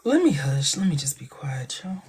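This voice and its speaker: A man hosting a casual livestream chat, talking in a chatty, expressive way with playful asides. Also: fairly high pitch, normal speed, crowd noise. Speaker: livestream host.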